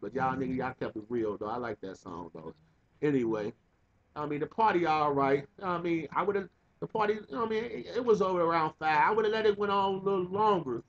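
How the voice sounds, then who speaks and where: A man's voice: fairly high pitch, brisk, highs cut off. A young man telling a rambling, profane, funny story in a casual way, laughing often. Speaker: vlogger.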